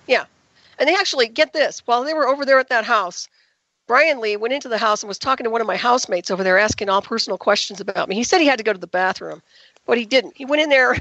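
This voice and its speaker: A woman guest telling her story in an interview, talking rapidly and emphatically. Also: a little high, a bit bright, no echo, muffled recording. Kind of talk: radio interview call.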